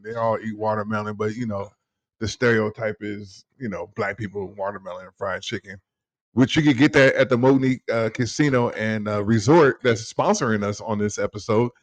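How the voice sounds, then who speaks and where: A man hosting a casual political chat with his father, talking in an animated, rambling and profane way. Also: fairly low pitch, fairly quick. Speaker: host, son.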